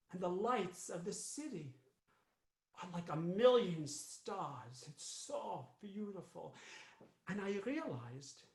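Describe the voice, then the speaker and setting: A man's voice: high voice, full character voice. A man playing an elderly Jewish immigrant grandmother, a fussy, rambling storyteller who keeps repeating herself. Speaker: cantor. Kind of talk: live character monologue. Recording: roomy echo.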